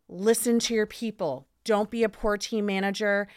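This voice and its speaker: A woman co-hosting a business podcast, running through a list of tips in a direct, brisk way. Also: mid-range voice, steady tone, clean tone. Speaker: podcast co-host. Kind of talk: casual podcast chat.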